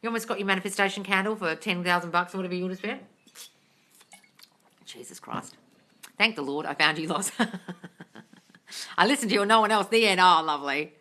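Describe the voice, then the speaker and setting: Her voice is on the low side, brisk yet pausing often, with a pushed, bright quality. She hosts a live stream where she reads viewer comments aloud and fires back blunt answers, swearing freely and calling viewers darling in casual conversation.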